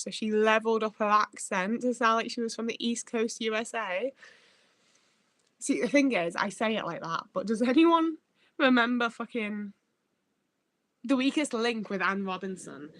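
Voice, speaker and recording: A woman's voice: a little high, a bit bright, dry recording. Rambling, sweary woman. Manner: rambling, sweary, self-interrupting. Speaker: livestream host. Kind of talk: casual live-chat rambling.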